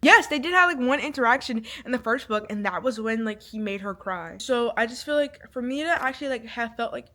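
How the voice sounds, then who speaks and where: Young woman book vlogger, lightly raised pitch, rambling and emotional. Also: lively intonation, brisk, hardly any pauses, sharp tone. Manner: rambling, full of "like" fillers; emotional, swings from irritated to teary. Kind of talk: casual book review chat.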